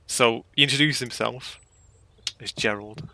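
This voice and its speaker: A man's voice: medium pitch, steady tone, unhurried, gravelly, sharp tone. A man narrating a tabletop game as game master in a casual, rambling way full of fillers.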